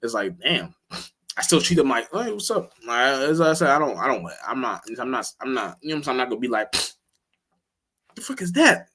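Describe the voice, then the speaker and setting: A man's voice: animated, fast, breathy edge. A man, hosting a livestream and talking in a rambling, profane way, full of restarts and fillers. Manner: jumps to a much higher, louder voice when acting out what he or others would say. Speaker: livestream host. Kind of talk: casual livestream monologue.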